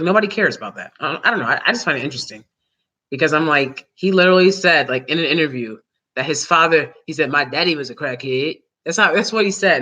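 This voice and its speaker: A woman hosting a vlog, giving casual opinion commentary in a rambling way, full of fillers and quick laughs. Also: very deep voice, pushed and bright. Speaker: vlog host.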